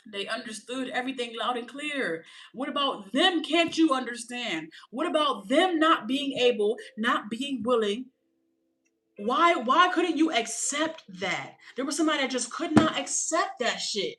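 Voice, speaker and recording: A woman doing a tarot reading in a casual, animated way, talking in blunt slang and throwing out rhetorical questions. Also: a little high, moderate pace, low-quality recording. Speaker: tarot reader.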